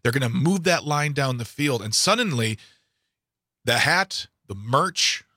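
Man co-hosting radio talk, sarcastic, animated, stumbling restarts, bright voice, dry studio sound. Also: mid-range voice, a little slow, no echo. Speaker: radio co-host.

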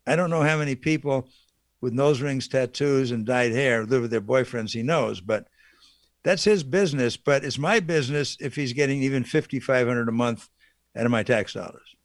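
A man's voice: mid-range voice, normal speed, dry recording, clean studio sound. A man delivering an indignant, sarcastic political monologue as a talk radio host.

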